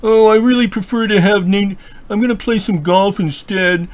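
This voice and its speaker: A man's voice: sits high, moderate pace, voice pushed up, natural voice. A man putting on a mocking impression of a male president, in a sneering, whiny voice.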